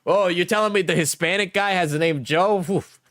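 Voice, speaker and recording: A man's voice: sits high, a little fast, fairly bright tone, no room sound, clean studio sound. A man streaming live and reacting to online drama, joking and laughing often as he talks to his chat. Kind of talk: casual livestream reaction commentary.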